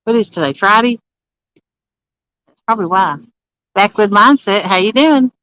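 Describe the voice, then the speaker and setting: A woman's voice: mid-range voice, animated, normal speed, a bit bright, dry recording, low-quality recording. A woman chatting casually on a live stream from a campsite, greeting viewers by name and laughing often. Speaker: livestreaming angler. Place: campsite outdoors.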